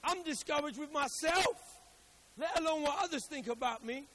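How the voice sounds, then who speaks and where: A man preaching a sermon, dropping to quiet storytelling and rising to loud, emphatic exhortation with repeated phrases. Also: very high-pitched, moderate pace.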